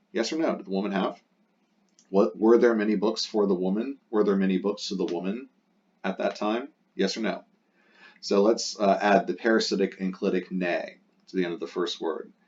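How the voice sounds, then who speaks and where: Low male teacher voice, methodical and repetitive, muffled lo-fi recording. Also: husky. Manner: patient, methodical, repeats key phrases. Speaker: Latin teacher. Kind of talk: recorded grammar lesson.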